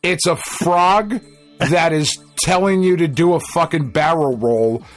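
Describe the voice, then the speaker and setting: A man's voice: on the high side, unhurried, soft background music. A man co-hosting a casual gaming podcast, a crude, joking storyteller who swears heavily. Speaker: podcast co-host.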